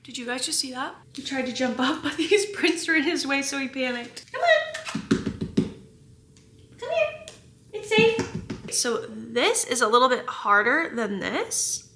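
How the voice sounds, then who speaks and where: An American woman chatting casually in a home vlog, gushing and excitable, with lots of "like". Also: sits high, normal speed, background noise. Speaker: vlogger.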